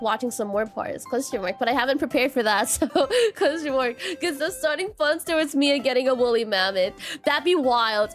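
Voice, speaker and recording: A woman streamer in casual live chat, rambling about animals while reading chat aloud and greeting viewers. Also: on the high side. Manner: rambling, reads chat aloud, repeats "question mark"; animated, quick laughs and bursts of excitement.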